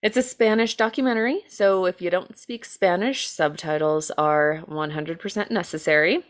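A chatty American woman with a lowish voice speaks at normal speed, co-hosting a podcast and telling a true-crime case in casual chat. She uses lots of fillers, makes self-deprecating remarks and swears casually.

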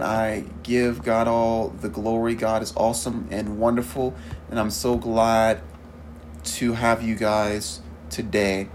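A fervent podcast preacher who prays and preaches by turns. The speaker keeps coming back to the same words and asks listeners earnest questions, at a middle pitch. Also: flat delivery, takes it slowly, slight background noise. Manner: fervent, repeats "Father God" often. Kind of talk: prayer and sermon.

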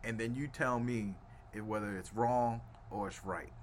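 A man hosting a casual sports podcast, animated and laughing, swinging between loud rants and low asides. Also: unhurried, slight background noise. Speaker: podcast host.

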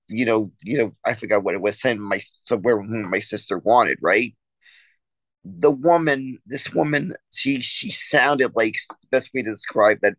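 A man's voice: fairly low pitch, a bit bright, dry recording, rough recording. A man co-hosting a casual sports podcast, telling a story in a rambling way with many restarts and stammers. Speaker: podcast co-host.

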